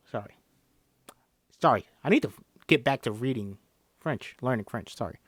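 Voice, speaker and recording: Man reading a screenplay casually, mid pitch, stumbling and self-correcting, dry sound. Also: expressive, normal speed, long pauses, fairly bright tone, breathy edge, no echo. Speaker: script reader.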